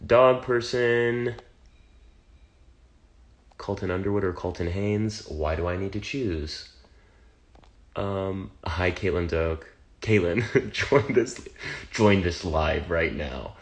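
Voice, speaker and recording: A man with an American accent, reading fan comments aloud on a phone livestream and answering them in a wry, teasing way. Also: low voice. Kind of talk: casual livestream Q&A.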